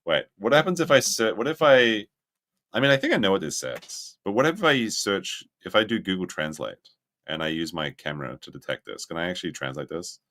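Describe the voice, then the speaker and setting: A man hosting a livestream, reacting to clips with excitable commentary that keeps breaking into laughter and sudden shrieks. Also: deep voice, brisk. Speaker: livestream host.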